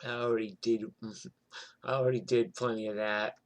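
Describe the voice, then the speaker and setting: A man's voice: lowish voice, little pitch movement, normal speed. A middle-aged man telling a story from his past in a rambling, profane way, full of fillers and asides. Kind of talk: casual spoken storytelling.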